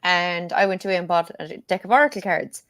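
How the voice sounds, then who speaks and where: A woman's voice: on the low side, brisk, fairly bright tone, no room sound. A woman with a Cork Irish accent, chatting as a guest and telling stories with plenty of laughs. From Ireland. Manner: chatty storyteller, laughs often. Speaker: guest tarot reader. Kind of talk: casual chat.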